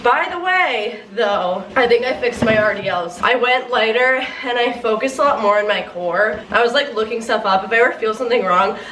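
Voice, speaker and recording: A congested woman chats to her camera at home in a relaxed vlog. She talks loosely, full of "like" and soft laughs, and sounds a little winded as she goes. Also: fairly high pitch, moderate pace, hardly any pauses, noisy background. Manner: chatty, filler-heavy, frequent "like" and soft laughs. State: congested, a little out of breath while exercising. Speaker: lifestyle vlogger. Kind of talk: casual vlog chat to camera. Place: at home, by her desk and treadmill.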